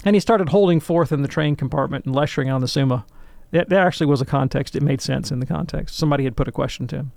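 A man in a call-in radio discussion, answering a listener's question in an animated, lecturing way and checking in with "right?". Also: fairly high pitch, fast, gravelly, few pauses, no room sound.

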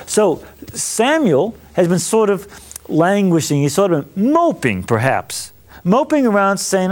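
Animated man teaching scripture. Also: sits high, unhurried. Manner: animated, acts out biblical speakers in casual voices. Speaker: priest teaching Old Testament. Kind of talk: lecture on scripture.

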